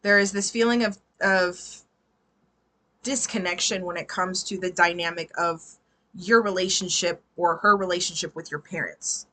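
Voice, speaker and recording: A woman's voice: lowish voice, steady tone, normal speed, sharp tone. A woman giving a casual live tarot reading, chatty and laughing often, swearing freely. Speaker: tarot reader.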